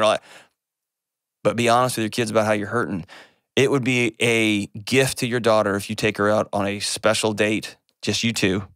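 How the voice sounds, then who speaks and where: A man's voice: on the low side, a bit bright, no echo, clean studio sound. A middle-aged man hosting a call-in advice show, speaking earnestly and emphatically, often repeating words for weight.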